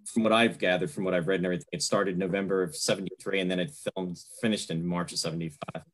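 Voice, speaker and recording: A man's voice: low-pitched, steady tone, fast. A man in his fifties from the New York area, hosting a casual fan interview and talking in long, rambling runs. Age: 50s. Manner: rambling, many fillers and restarts. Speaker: host.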